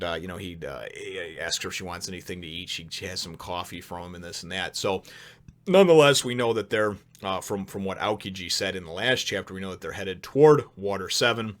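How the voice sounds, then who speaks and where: A man hosting a casual spoken review, chatty and rambling, who laughs often and gets excitable. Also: low-pitched. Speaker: manga chapter reviewer, show host.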